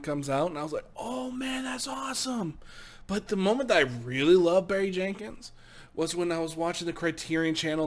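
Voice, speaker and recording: A young man giving casual movie commentary in a vlog, excitable and swearing freely, laughing often. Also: a little high. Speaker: movie vlogger.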